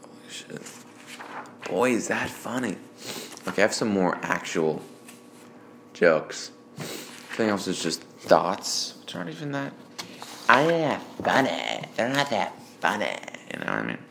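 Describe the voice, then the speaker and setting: Guy going over his old jokes on a phone memo, gravelly voice that swings all over the place, cusses and laughs at himself. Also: on the low side, sing-song, unhurried, pauses often, fairly bright tone, slight background noise. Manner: rambling, self-mocking, swearing, laughs at himself. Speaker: amateur comedian. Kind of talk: reading old joke notes aloud.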